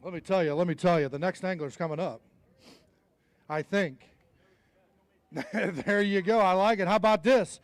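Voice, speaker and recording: Brief: male weigh-in emcee, high-pitched, dry close sound, hype-man banter. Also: moderate pace, pauses often, no echo. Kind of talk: live tournament announcing. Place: outdoor weigh-in stage.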